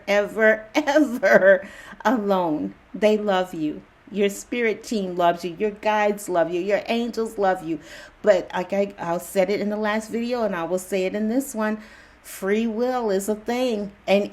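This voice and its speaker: A woman speaking straight to her viewers in a relaxed, reassuring pep talk. Her phrasing is loose and slangy, she repeats her comforts again and again, and she breaks into chuckles often. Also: medium pitch. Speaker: spiritual channel host.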